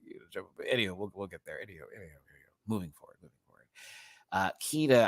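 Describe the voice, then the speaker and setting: A man giving an animated, casual review of a TV show, breaking into mock voices. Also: fairly low pitch, dry recording, studio quality. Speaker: drag race reviewer.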